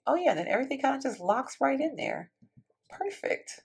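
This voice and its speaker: A woman's voice: high-pitched, lively intonation, quick pace, creaky, darkish tone, husky. A woman giving casual, chatty commentary while building in a life-sim game, thinking aloud and talking to her viewers. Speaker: Sims building YouTuber.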